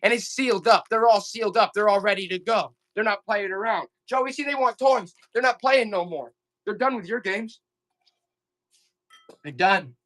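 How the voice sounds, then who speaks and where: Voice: moderate pace, a bit bright. A live online auction seller doing comic, exasperated hype, repeating offers and pleading with the audience. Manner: repetitive, urgent pitch talk. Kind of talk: live selling stream patter.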